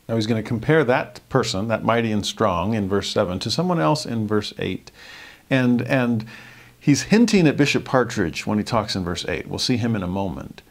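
A man teaching a scripture lesson, earnest, reading verses slowly and softly. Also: on the low side, very animated.

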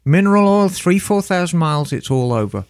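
A man chats casually as a podcast co-host, explaining things emphatically. His pitch jumps around a lot and sits a little high. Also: very animated, fairly quick. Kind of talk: casual chat and advice.

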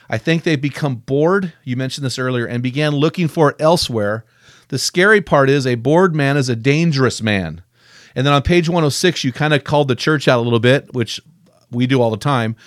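A man hosting a faith-focused podcast interview, enthusiastic and quick to quote authors. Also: medium pitch, dry recording, studio quality. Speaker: podcast host.

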